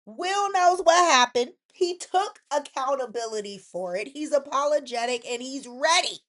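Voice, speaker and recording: A woman hosting a casual recap vlog, chatty and opinionated, acting out quotes with sudden jumps in voice. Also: moderate pace. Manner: chatty, animated, acts out characters' quotes in lively pitch jumps; opinionated asides to the viewer. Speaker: soap opera recap host.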